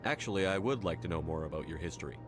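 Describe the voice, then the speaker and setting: A brisk, low-voiced human soldier. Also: male voice, animated, over music. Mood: curious. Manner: polite, brief questions. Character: calm male human soldier, polite and curious.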